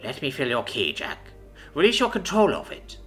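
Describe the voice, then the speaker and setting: A man voicing an imperious female dragon ruler who speaks in a measured, silky, threatening way. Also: mid-range voice, wildly swooping pitch, creaky, fairly bright tone, full character voice. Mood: cool menace. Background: faint background music.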